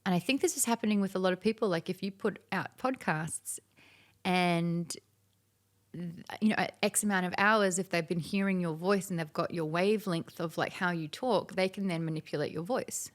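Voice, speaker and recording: A woman guest in an interview, chatting casually and telling stories with animated, acted-out quotes. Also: lowish voice, normal speed. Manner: animated storyteller who acts out quoted dialogue.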